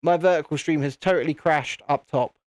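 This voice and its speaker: A man's voice: a little high, a little fast, no echo, studio quality. A British man hosting a live stream, chatting casually to viewers in a self-deprecating, easily flustered way. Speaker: channel host.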